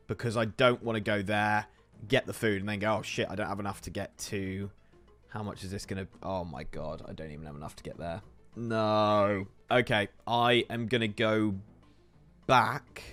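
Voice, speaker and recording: A man's voice: on the low side, fairly bright tone. A young man talking through his gameplay in a chatty way, swearing when things go wrong. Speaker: gaming YouTuber. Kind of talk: casual gameplay commentary.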